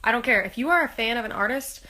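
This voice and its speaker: A woman's voice: fairly high pitch, expressive, quick pace, sharp tone. A young woman chatting to her fans in a casual vlog, bubbly and full of "like", still a little sick. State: recovering from being sick. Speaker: singer talking to fans.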